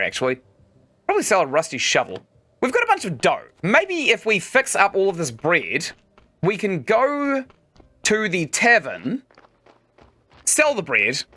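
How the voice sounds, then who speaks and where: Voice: medium pitch, pushed and bright. A game streamer giving casual let's-play commentary, chatting and explaining mechanics while playing.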